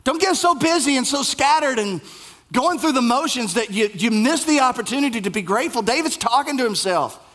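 A man preaching a sermon, with emphatic repetition and sudden drops to a hushed voice. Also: very high-pitched, expressive, fairly quick. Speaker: pastor.

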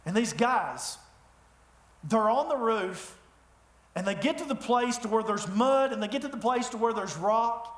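A man preaching a sermon in a church, telling the story with lively humor. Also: very high-pitched, a little slow. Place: church sanctuary. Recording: echoey room.

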